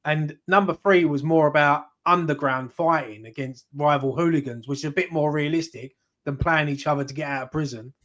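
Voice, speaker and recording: Male football fan, higher pitched, loose storyteller. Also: fairly quick, a bit bright. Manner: rambling, anecdotal, swears casually. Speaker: fan channel co-host. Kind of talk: casual football chat.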